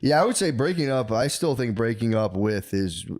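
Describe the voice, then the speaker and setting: A man's voice: mid-range voice, animated, moderate pace, darkish tone. A man in his thirties co-hosting a comedy podcast, telling stories in a rambling, casual way with plenty of fillers. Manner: rambling, filler-heavy storytelling. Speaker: podcast co-host.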